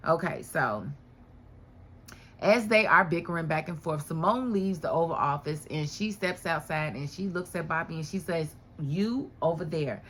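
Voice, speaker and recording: A woman giving a casual, chatty recap of a TV drama episode, animated and full of rhetorical questions. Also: deep voice, normal speed, a little hiss or hum. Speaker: TV show reviewer.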